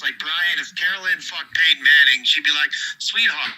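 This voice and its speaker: A man's voice: on the high side, normal speed, sharp tone, poor audio. A man calling in to a podcast, cracking crude jokes in casual banter. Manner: crude joking. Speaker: caller.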